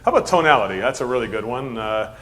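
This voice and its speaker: A man hosting a casual interview about customer service, talking quickly and often repeating words as he thinks. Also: medium pitch. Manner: fast, animated, repeats words while thinking. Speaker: host and service trainer.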